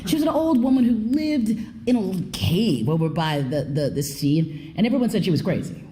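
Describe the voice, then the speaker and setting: A woman telling a folk tale on stage, expressive, swooping in pitch and dropping to a hush. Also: brisk. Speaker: storyteller. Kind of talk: live storytelling performance. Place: theater stage before an audience.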